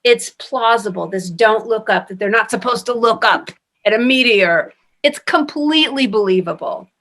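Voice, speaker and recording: A middle-aged woman from France telling stories in a casual interview, animated and given to restarts and emphatic stresses. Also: fairly high pitch, moderate pace. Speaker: actress interviewee.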